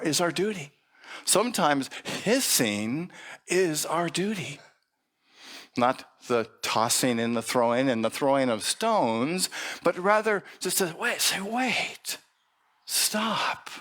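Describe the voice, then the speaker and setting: A man giving a storytelling sermon at a church service, unhurried, with pauses and restarts. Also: mid-range voice, fairly bright tone.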